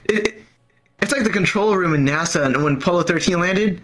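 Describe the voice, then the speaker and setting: A man's voice: high-pitched, animated, normal speed, a bit bright, rough recording. A man doing open mic stand-up, rambling and stammering through a profane story while acting out the people in it. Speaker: stand-up comedian. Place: comedy club stage.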